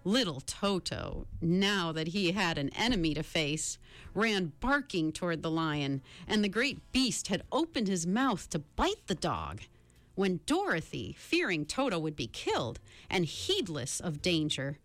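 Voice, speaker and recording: A woman reading a storybook aloud as narrator, in an expressive, measured way. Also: lowish voice, dry recording.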